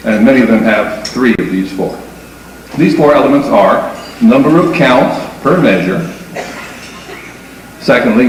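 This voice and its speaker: A man giving a lecture on dance music, explaining step by step and counting beats aloud. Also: mid-range voice. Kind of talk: lecture with demonstration. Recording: echoey room from far off with faint noise.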